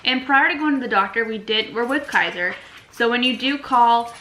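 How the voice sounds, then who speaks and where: A young woman casually telling a story on her vlog with her partner, chatty and animated, acting out what people said. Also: on the high side, moderate pace, a little hiss or hum, rough recording. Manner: animated, chatty, acts out quotes.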